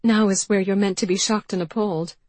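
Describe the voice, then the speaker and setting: A woman's voice: mid-range voice, steady tone, brisk, a little mellow, no room sound, voice pushed up, lightly acted. A woman reading an audiobook, voicing a distraught young woman whose voice rises and cracks with emotion. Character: young woman, grieving, raw and agitated. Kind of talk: audiobook character voice.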